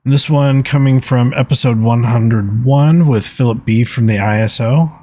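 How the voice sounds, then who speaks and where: Low-voiced man hosting a recovery podcast. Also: darkish tone. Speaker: podcast host. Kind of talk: solo podcast talk, reading listener comments.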